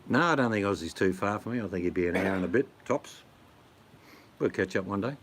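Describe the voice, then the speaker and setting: A man's voice: lowish voice, expressive, brisk. A middle-aged man with an Australian accent, chatting casually and jokingly with his viewers. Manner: blokey, joking, rambling. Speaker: vlogger answering chat. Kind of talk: casual chat.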